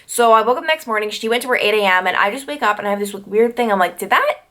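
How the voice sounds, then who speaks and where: A woman's voice: mid-range voice, rapid-fire, pushed and bright. A young woman from New York tells a story to her vlog audience in a loose, chatty way. She keeps dropping in "like" and wandering off on tangents before finding her way back. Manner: chatty, full of "like" fillers and tangents. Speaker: YouTuber.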